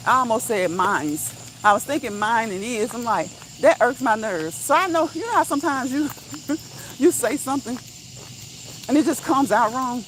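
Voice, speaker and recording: Hosting an outdoor walking livestream, this woman has a fairly high voice with lively intonation and a moderate pace. The recording is rough, with slight background noise, as she chats easily, laughs often, and reads out viewer comments.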